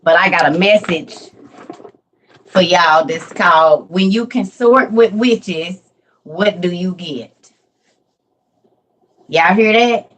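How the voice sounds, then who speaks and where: A woman's voice: lowish voice, slight background noise, rough recording. A middle-aged woman, hosting a casual livestream from home, telling stories with lots of laughter before a Bible message. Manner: animated storyteller, laughs often. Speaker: livestream host and Bible teacher.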